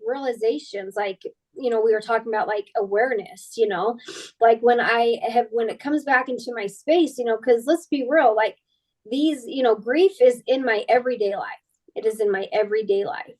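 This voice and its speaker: Woman, podcast guest, higher-pitched, rambling and candid, filler-heavy, sincere. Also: a little mellow, rough recording. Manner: earnest and emotionally open. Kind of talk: candid personal conversation.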